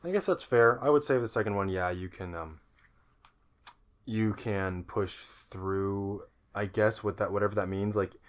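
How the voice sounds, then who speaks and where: A man's voice: fairly low pitch, unhurried. A man co-hosting a podcast in casual chat, rambling and joking, often trailing off and restarting. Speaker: podcast co-host.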